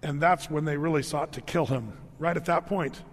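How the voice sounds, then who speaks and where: Brief: male preacher, high-pitched, lively and questioning, recorded with a hall echo. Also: normal speed. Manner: animated storytelling, rhetorical questions to listeners. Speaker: pastor. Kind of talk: sermon. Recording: long hall reverb.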